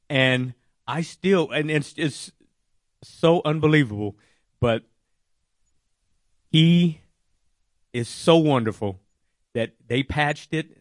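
A man telling a personal faith testimony, animated and acting out his own worried words. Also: fairly high pitch, no room sound, studio quality. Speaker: testimony speaker.

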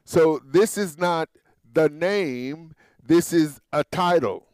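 Male Bible teacher, high voice, dry close sound, chatty and repetitive verse-by-verse explaining. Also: slow pace, a little mellow, dry recording. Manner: conversational, explains and repeats phrases.

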